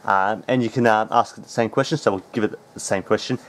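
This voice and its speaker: A man hosting a casual tech how-to, talking in a relaxed, chatty way with plenty of ums. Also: on the low side, fast, a little hiss or hum. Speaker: tech tutorial host.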